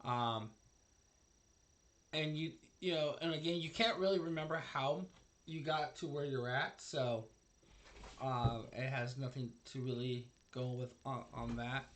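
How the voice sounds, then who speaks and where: A man narrating a tabletop role-playing game as game master, halting and full of fillers. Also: mid-range voice, steady tone, a bit bright, slight background noise.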